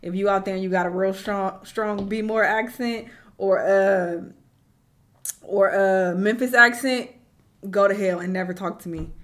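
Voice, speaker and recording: A woman hosting a casual reaction video, giving blunt, animated commentary. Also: mid-range voice, measured pace. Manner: animated, blunt, laughing asides.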